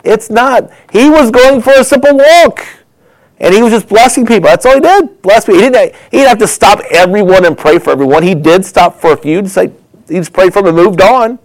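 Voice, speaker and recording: A man reflecting on a clip he just watched, soft and emotional, and at times earnest and plain-spoken. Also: sits high, fairly quick, rough recording. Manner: soft, emotional, sometimes dropping to a whisper. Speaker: host reacting to a clip. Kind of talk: reflective commentary.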